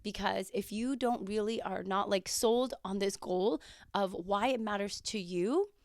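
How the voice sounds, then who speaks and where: A woman hosting her own podcast in a chatty, casual way, her voice raspy as she comes down with a cold. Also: medium pitch, measured pace, dry recording, studio quality. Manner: chatty, with fillers and quoted asides. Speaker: podcast host and coach. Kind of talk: casual solo podcast talk.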